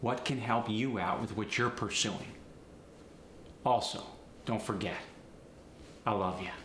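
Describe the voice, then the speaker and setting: A man teaching as a dialect coach, explaining pronunciation deliberately and speaking directly to viewers. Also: fairly low pitch, fairly bright tone. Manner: slow, deliberate demonstration of pronunciations; direct, encouraging address to viewers. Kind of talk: instructional video narration. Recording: echoey room with faint noise.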